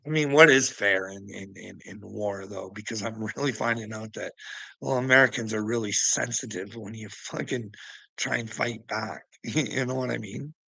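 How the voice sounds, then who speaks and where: Guy vlogger, gravelly and tense, swearing, scornful rant. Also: fairly low pitch, normal speed, sharp tone, no echo, low-quality recording. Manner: profane, combative, scornful, laughs often. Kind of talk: ranting commentary.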